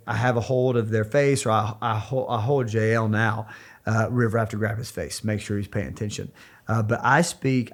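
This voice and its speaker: A man in his thirties co-hosting a church podcast, talking earnestly with frequent restarts and fillers. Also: lowish voice. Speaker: podcast co-host. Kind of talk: casual podcast talk.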